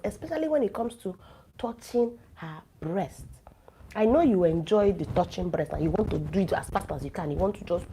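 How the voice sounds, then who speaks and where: A woman's voice: medium pitch, warm tone, slight background noise, rough recording. A woman, sick with a flu, giving frank and teasing relationship advice straight to her listeners. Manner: blunt, teasing, lecturing directly to listeners. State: has a flu, coughing. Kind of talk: frank advice talk to camera.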